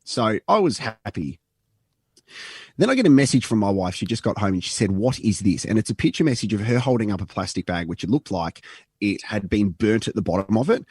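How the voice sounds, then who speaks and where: A man's voice: fairly low pitch, big pitch swings, a little fast, a little mellow, slightly rough, dry recording, clean studio sound. An Australian man co-hosting a podcast, telling a long rambling anecdote and acting out the quotes. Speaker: podcast co-host. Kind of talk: casual storytelling.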